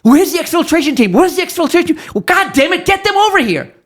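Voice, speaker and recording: A man acting out a panicking young male Marine under fire, frantic and shouting in alarm, as a quote inside an interview story. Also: extremely high pitch, sing-song, brisk, pitched above the performer's own voice.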